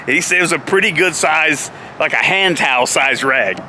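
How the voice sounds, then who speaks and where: A man's voice: a little high, lively intonation, moderate pace, pushed and bright, a little hiss or hum. A man in a casual vlog telling a funny road story, laughing often as he talks.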